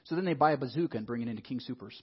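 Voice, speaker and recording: Husky-voiced male pastor, conversational sermon. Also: medium pitch, very fast, muffled recording. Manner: animated and conversational, asking the audience questions.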